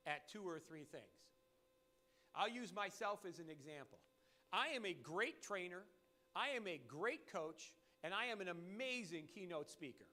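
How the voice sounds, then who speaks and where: A man giving a motivational sales training talk, animated and emphatic, repeating his key points. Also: high-pitched.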